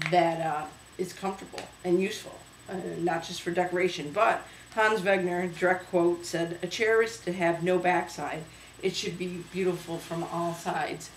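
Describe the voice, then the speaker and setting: A woman hosting a casual home video show about thrift finds, talking chattily with many pauses and fillers. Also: fairly low pitch, reverberant, slight background noise, rough recording. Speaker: host. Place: home room.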